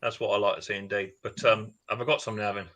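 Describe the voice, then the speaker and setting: A man's voice: fairly low pitch, steady tone, racing, fairly bright tone. A man from England hosting a casual live stream, bantering with friends and greeting people in the chat, often repeating words as he starts.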